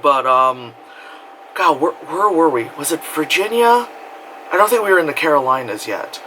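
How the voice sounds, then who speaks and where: A young man chats to the camera in a loose, rambling way, full of fillers. His voice is bright and sits a bit high, and his pitch swings widely, jumping into sudden yelps and giggles. A faint hum of room noise sits behind him. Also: animated, normal speed, poor audio. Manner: rambling with many fillers, bursts into loud screams and laughter. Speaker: vlogger. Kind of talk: casual storytelling.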